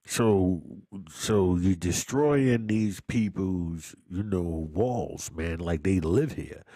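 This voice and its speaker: A man's voice: sits low, takes it slowly, mellow, no echo, studio quality. A man casually reviewing a movie, with a loose, slangy way of talking, repeating himself and often laughing. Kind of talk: casual chat.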